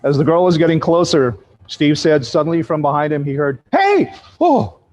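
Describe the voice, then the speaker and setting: A man's voice: a little high, fairly even intonation, fairly quick, a little mellow. A man telling ghost stories in a vivid, dramatic way. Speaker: ghost storyteller. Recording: dull lo-fi sound.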